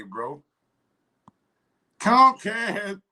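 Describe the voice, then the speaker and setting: A man's voice: mid-range voice, expressive, unhurried, pauses often, fairly bright tone. Frustrated cursing livestream host, man. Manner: frustrated, profane, repeats himself. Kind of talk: casual livestream chat.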